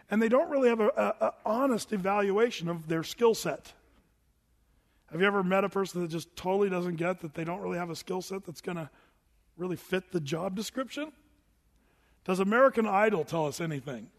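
A man in his sixties gives a sermon as a pastor, talking to the congregation in a loose, conversational way and now and then mimicking other people's voices. His voice sits high for a man. The sound rings with the long reverb of a big hall. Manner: conversational preaching, animated, mimics voices for effect.

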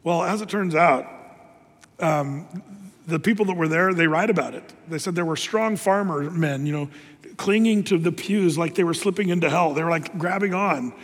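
A man's voice: fairly high pitch, moderate pace. A man preaching a sermon in a loose, conversational way, full of fillers and restarts. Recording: long hall reverb.

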